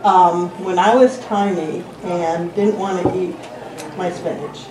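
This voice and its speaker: A woman's voice: on the low side, fairly even intonation, slow pace. A woman sharing family memories at a memorial dinner, telling them in a laughing storyteller's way. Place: dinner gathering in a room. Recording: distant mic in an echoey, noisy room.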